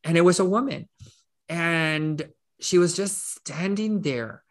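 A nonprofit CEO, appearing as a guest, tells a personal story in a voice that is on the high side and slow. He is earnest and conversational, with many restarts and fillers.

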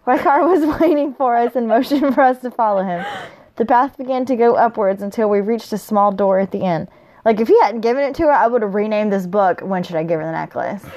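Reading a fantasy novel aloud briskly, this woman has a slightly high, somewhat mellow voice. She sometimes trips over difficult words and breaks off to laugh and comment on the plot.

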